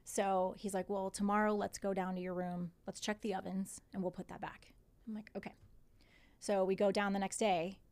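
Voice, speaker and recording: A woman's voice: mid-range voice, level tone, moderate pace, a little mellow. A woman in her forties, a podcast guest, animatedly retelling what happened to her, quoting others and swearing. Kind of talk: casual storytelling in conversation.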